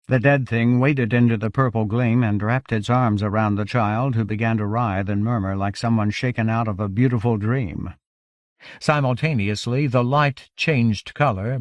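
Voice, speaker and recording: A man narrating a fantasy audiobook in a measured, even reading on a close studio mic. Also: mid-range voice, no room sound.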